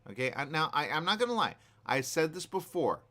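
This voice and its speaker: A man's voice: fairly high pitch, brisk. A man hosting a radio talk show, giving opinionated news commentary in an emphatic, repetitive way. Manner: animated, emphatic, repeats himself.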